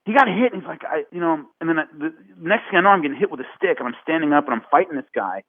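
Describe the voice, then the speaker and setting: A man tells a casual story rapid-fire as a podcast guest, acting out quotes in a raised pitch with plenty of animation. The audio is narrow-band like a phone, with no room sound.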